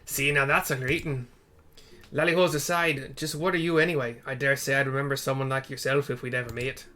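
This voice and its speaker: A man's voice: mid-range voice, steady tone, a little fast, sharp tone, close to an everyday voice. Man doing a feisty little dwarf warrior. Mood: gruff. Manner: rough put-on accent, slips in and out.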